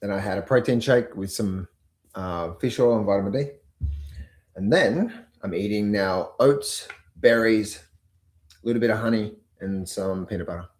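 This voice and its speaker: A man hosting a casual live market stream, mock-panicking and then talking himself calm. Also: fairly low pitch, moderate pace. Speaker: trading channel host.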